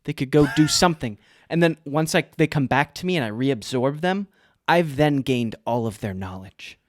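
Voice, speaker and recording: A man co-hosting a podcast, chatting casually and joking around. His voice swings up and down with lots of life at a middling pitch. It is recorded close and dry, with no room sound. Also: no room sound. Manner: animated, joking, talks fast when excited. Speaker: podcast co-host. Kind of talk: casual chat.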